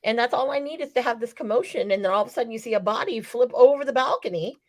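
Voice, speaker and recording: A woman's voice: a little high, quick pace. A woman in casual podcast chat, telling a story with profanity and acting out the quotes. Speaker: wrestling podcast co-host.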